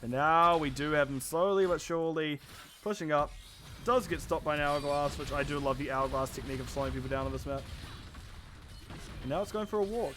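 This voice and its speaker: A man's voice: a little high, fairly quick, a bit bright, slight background noise. A man giving live esports play-by-play commentary, tired and rambling, with self-aware asides. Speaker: esports caster.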